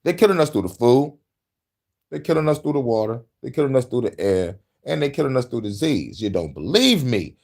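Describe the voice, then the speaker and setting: A middle-aged man hosting a casual rant podcast, profane and animated, laughing often and shouting at times. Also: mid-range voice, a little fast, gravelly. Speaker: podcast host.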